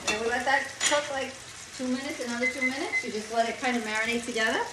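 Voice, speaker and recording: A woman's voice: a little high, steady tone, fast talker. A middle-aged woman chatting enthusiastically as she cooks dinner at home, repeating words for emphasis. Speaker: home cook vlogger. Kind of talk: casual cooking vlog. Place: home kitchen. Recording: echoey kitchen, distant mic, noisy. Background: frying and sizzling.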